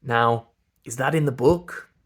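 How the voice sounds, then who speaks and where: There's background noise behind this man's medium-pitched, slightly slow voice. Speaking with an English RP accent, he coaches pronunciation slowly, taking sounds one at a time to drill and explain.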